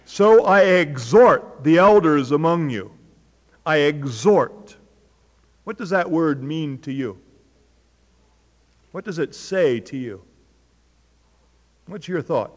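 A man's voice: fairly high pitch, big-room sound. A man teaching a Bible study in a conversational way, asking his listeners questions. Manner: conversational, asks the audience questions. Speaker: preacher.

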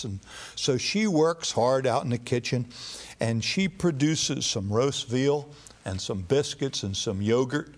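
At a middling pitch and measured pace, a man preaches a sermon that retells scripture as a relaxed, conversational story. He speaks plainly, with the occasional filler and restart, as if chatting with his congregation.

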